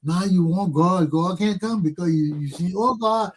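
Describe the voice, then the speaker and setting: A higher-pitched man with a husky, breathy voice hosts a casual talk show. He preaches about scripture with animation and acts out the quotes himself. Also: normal speed, darkish tone. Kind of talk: casual religious discussion.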